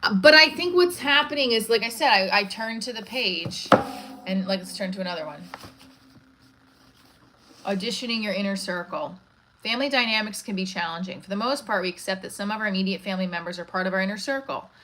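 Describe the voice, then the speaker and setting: A woman's voice: mid-range voice, expressive, brisk, sharp tone, poor audio. A woman hosting a casual live stream, rambling, restarting her sentences and reading viewer comments aloud. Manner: rambling, restarts often, reads chat aloud. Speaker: livestream host.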